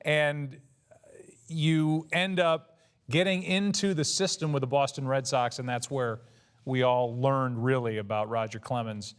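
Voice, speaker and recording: A man's voice: mid-range voice, unhurried, clean tone. A man hosting an interview, recapping his guest's career and asking questions in a conversational way. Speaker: interviewer, host.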